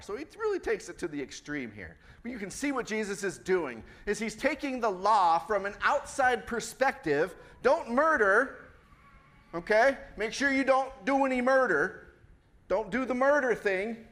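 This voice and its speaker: In a church, a middle-aged pastor preaches to his congregation in a conversational style, putting questions to them. His voice is high-pitched and somewhat bright.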